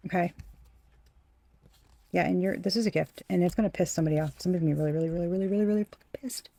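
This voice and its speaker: Mellow-voiced, profane woman tarot reader. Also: lowish voice, very fast, vocal fry, a little hiss or hum. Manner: blunt and profane, repeats phrases for emphasis; talks straight to the viewer as "you". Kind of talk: casual spoken tarot reading.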